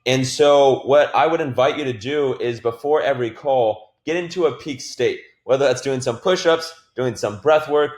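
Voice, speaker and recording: A man giving a casual, energetic sales training talk, swearing now and then and filling his speech with "like.". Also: mid-range voice, normal speed, hardly any pauses, reverberant.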